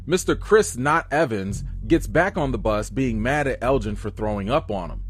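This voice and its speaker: A man hosting a casual recap of a TV series, talking in an animated, excitable way with joking asides. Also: mid-range voice, normal speed, a little hiss or hum. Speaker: show recap host.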